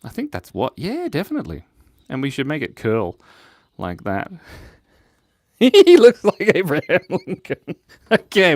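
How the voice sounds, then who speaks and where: A man's voice: on the low side, fairly bright tone, no room sound, clean studio sound. Playful man drawing live with chat. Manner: playful, reads chat comments aloud, giggles often. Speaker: livestream host drawing with chat. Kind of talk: casual live-stream chat.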